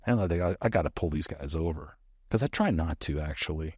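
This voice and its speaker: A man's voice: rumbling low, a little fast, breathy edge, no room sound, studio quality. A middle-aged American man, a former soldier, telling stories casually in an interview and acting out the dialogue. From United States. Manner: animated storyteller, acts out quoted dialogue.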